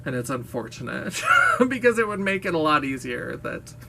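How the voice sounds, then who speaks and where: Male vlogger, chatty and self-mocking; loud, brash voice, fairly high, faint noise behind. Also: big pitch swings, moderate pace, gravelly. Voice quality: brash, blaring voice. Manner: gushing, playful, self-mocking. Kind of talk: casual chatty monologue.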